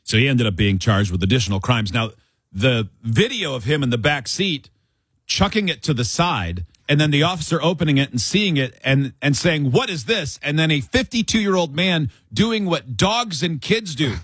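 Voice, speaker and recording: A man hosting a radio talk show, telling a news story in a wry, animated way. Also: a little high, normal speed, breathy edge, dry recording, studio quality.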